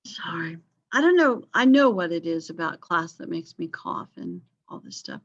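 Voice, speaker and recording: A woman teaching a history class online in a relaxed, conversational way, with frequent fillers and apologetic asides. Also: fairly low pitch, moderate pace, breathy edge, muffled recording. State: coughing, yawning.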